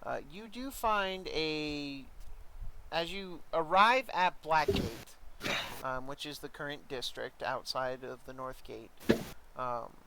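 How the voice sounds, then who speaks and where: A man's voice: fairly high pitch, slow, heavy background noise. A man narrating a tabletop role-playing session as dungeon master, talking loosely with lots of ums and uhs. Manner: relaxed narration with many fillers.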